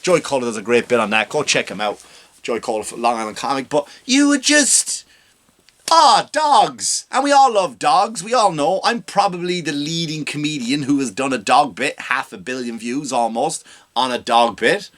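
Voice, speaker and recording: Rambling comedian ranting. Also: male voice, medium pitch, moderate pace. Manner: rambling, animated, self-mocking. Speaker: comedian hosting a podcast.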